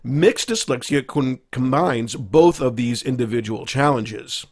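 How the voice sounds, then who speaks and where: A man presenting a recorded training lesson to fellow teachers, measured and explanatory, with occasional fillers. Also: mid-range voice. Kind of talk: recorded slideshow lecture.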